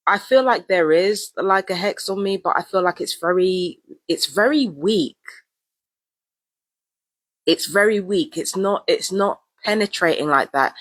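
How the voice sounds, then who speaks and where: A woman vlogger rambles casually to the camera at length, repeating herself often and leaning on slang. Her voice is lowish and a bit bright, and the recording is dry.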